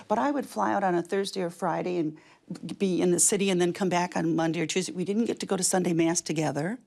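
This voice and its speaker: An older woman tells a personal story with animation and laughs often between lines. Her voice has a gravelly edge. She sounds like a guest in a relaxed conversation. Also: on the low side, brisk. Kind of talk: casual storytelling.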